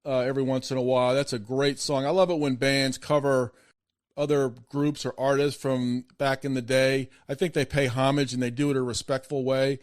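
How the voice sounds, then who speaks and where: A man's voice: mid-range voice, level tone, normal speed. A man hosting a podcast who chats enthusiastically about songs he loves and often repeats words as he gets going. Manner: enthusiastic, repeats words when starting sentences. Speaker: podcast host. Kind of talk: casual interview.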